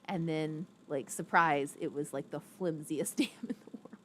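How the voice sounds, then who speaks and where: A woman's voice: moderate pace, a bit bright, a little hiss or hum. A young adult woman chatting casually on a live stream, rambling and reading viewer comments aloud. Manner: coos in a high baby voice to a pet. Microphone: streaming setup with a ring light.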